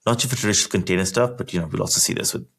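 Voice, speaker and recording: A podcast guest who works as an engineering executive speaks in a very low, gravelly voice with vocal fry, talking at a racing pace. He walks through technical topics in a relaxed, conversational way, his sentences loose and full of "like" and restarts.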